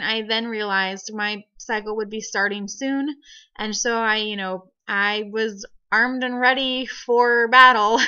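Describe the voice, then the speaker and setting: A young woman telling a personal story in a casual vlog, animated and laughing often. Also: fairly high pitch. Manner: giggly, animated, frequent laughs. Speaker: vlogger. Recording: dull lo-fi home video audio.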